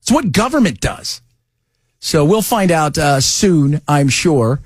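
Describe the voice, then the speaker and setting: A man hosting a talk radio show, chatting loosely with his co-hosts, full of jokes and quick asides. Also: on the high side, no echo, studio quality. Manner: animated, jokey, loose asides. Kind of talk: casual talk radio banter.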